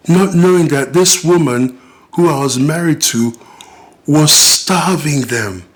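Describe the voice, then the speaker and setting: A middle-aged British-born father and vlogger makes an indignant, emphatic personal appeal to camera, acting out the voices he quotes. His voice is on the high side, and he speaks at a slow pace.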